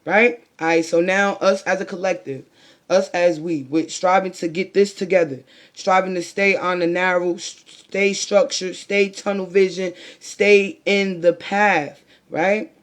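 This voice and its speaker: A woman's voice: lowish voice, steady tone, a little slow. A woman vlogger giving a blunt, profane motivational monologue full of rhetorical questions. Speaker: spiritual vlogger.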